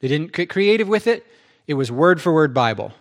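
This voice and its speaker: A middle-aged man preaching, telling his testimony in an animated, self-interrupting way and acting out quotes. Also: a little high, a little fast. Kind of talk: testimony storytelling.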